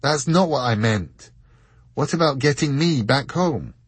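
A man's voice: mid-range voice, lively intonation, a little slow, husky, no room sound, pitched above the performer's own voice. Richard, a man playing an exasperated young man. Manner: exasperated, pleading.

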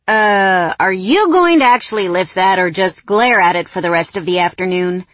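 A woman's voice: lowish voice, normal speed, a bit bright, no room sound, close to an everyday voice. A woman voicing a cocky young male football player who ribs his teammates. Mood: teasing. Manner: smirking, ribbing.

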